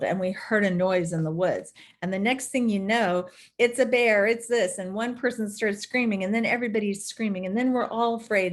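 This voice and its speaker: Animated woman teaching a Bible study. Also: mid-range voice. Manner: animated storytelling.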